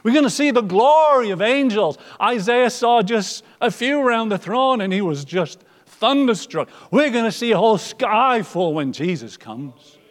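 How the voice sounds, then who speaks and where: A man preaching a sermon, moving from loud emphatic lines to soft, almost whispered ones. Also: sits high, animated, normal speed, long reverb tail.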